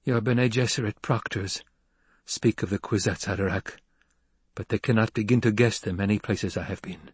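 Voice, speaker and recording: A man voicing a weak but steady young man just woken, in an audiobook reading. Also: on the low side, normal speed, breathy edge, no echo.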